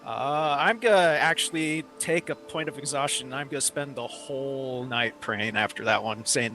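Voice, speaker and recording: A man's voice: mid-range voice, normal speed, few pauses, pushed and bright, faint music behind. A man playing a tabletop game, teasing the others and giggling. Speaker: player.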